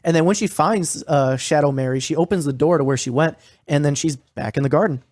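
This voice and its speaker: A man's voice: a little high, fairly quick, darkish tone, no room sound, clean studio sound. A man co-hosting a podcast, recapping a horror series in casual, profane, rambling talk full of fillers. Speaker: podcast co-host.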